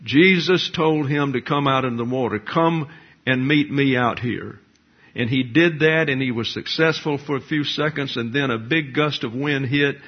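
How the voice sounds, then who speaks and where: Through a dull, low-fidelity recording, an older pastor is heard giving a measured teaching sermon. He explains carefully and keeps asking rhetorical questions, his husky voice at a medium pitch.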